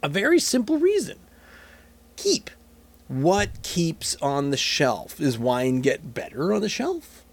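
A man's voice: fairly high pitch, huge pitch swings, takes it slowly. Rambling man hosting a beer podcast. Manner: rambling, jokey, self-mocking. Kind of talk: casual solo chat while tasting beer.

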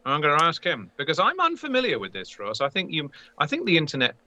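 A man's voice: fairly high pitch, huge pitch swings, fast talker, sharp tone, lo-fi sound. A man chatting casually on a podcast, teasing the host in banter. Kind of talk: casual chat.

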